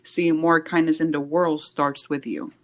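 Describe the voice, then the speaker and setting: A woman co-hosting a podcast in casual chat, animated and laughing often, slipping in Spanish phrases. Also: low-pitched, unhurried. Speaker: podcast co-host.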